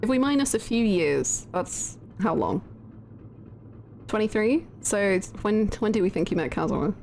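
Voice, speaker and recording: A woman streaming a game live, chatty and excitable, often laughing. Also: mid-range voice, normal speed, gravelly, a little hiss or hum.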